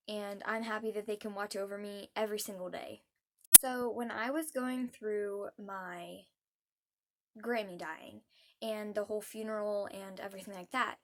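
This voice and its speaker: A young adult woman vlogging heartfelt advice, earnest and soft-spoken, pausing often with hesitant ums. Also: mid-range voice.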